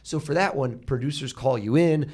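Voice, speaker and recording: An American man in his thirties, a podcast guest telling stories in an animated conversational way and acting out what others said. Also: mid-range voice, normal speed, slightly rough. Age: 30s. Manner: animated, acts out quoted people. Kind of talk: conversational storytelling.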